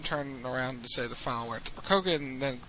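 A man's voice: mid-range voice, quick pace, bright, forceful tone, slight background noise. A man co-hosting a podcast, casually recapping events in a rambling way with restarts. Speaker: podcast co-host recapping wrestling. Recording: dull lo-fi sound with faint ambience.

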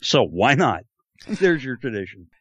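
A man's voice: mid-range voice, very animated, unhurried, fairly bright tone, slightly rough, no room sound, dull audio. A man co-hosting a casual podcast chat, hesitant and wry, chuckling at his own jokes. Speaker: podcast co-host.

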